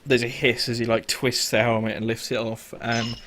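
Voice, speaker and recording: Casting: male game master, mid-pitched, loose conversational narration with ums. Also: level tone, noisy background. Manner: casual, filler-heavy narration with quick voiced asides.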